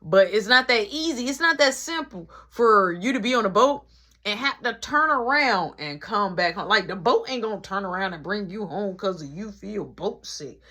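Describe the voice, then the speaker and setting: A woman voicing a calm, middle-aged father who talks in a low, reassuring way on a phone call. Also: normal speed.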